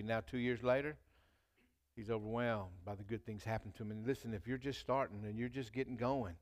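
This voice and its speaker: A man's voice: mid-range voice, steady tone, brisk. Male pastor, conversational sermon delivery, mid-range voice, reads scripture with building emphasis. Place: church.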